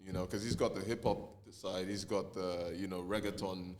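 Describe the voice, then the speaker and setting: A man from Nigeria, a musician guest, talking in a relaxed podcast chat, full of fillers and restarts. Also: low voice, moderate pace.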